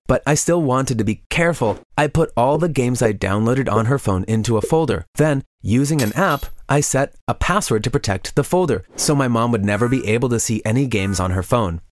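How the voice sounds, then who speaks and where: A man's voice: medium pitch, expressive, normal speed, hardly any pauses, a little hiss or hum. A man telling a first-person confession story in scripted narration, earnest in tone.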